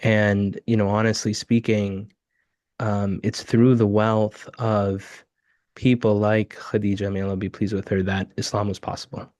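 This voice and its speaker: A man's voice: fairly low pitch, level tone, measured pace, darkish tone, no echo. A man co-hosting a live webinar over a video call, telling stories earnestly and building to emphatic lists. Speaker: webinar co-host.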